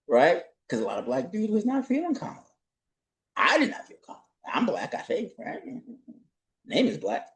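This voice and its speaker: Male commentator, mid pitch, warm mellow tone, casual talk with rhetorical asides. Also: low-quality recording. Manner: conversational, asks rhetorical questions and says "right?" a lot. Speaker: political commentator.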